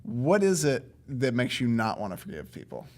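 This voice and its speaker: A man hosting a podcast, asking reflective questions in a relaxed, friendly way. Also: medium pitch, fairly quick. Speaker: podcast host. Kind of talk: casual chat.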